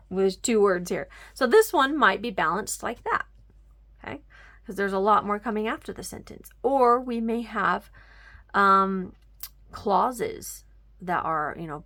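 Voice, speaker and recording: Woman teaching grammar, gravelly edge to her voice, patient step-by-step explanations, some words dropped almost to a whisper. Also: mid-range voice, a bit bright. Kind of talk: homeschool grammar lesson.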